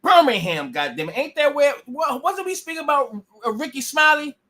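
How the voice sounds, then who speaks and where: A man's voice: very high-pitched, big pitch swings, brisk, pushed and bright. A man hosting a casual live talk stream, laid-back and slangy, prompting his guest to talk. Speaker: stream host.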